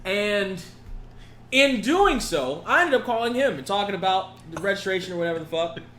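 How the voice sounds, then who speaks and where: A man's voice: high voice, expressive, a little fast, pushed and bright, roomy sound, a little hiss or hum. A man co-hosting a casual podcast, telling a laid-back story with laughs and swearing. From California. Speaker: podcast co-host. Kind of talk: casual chat.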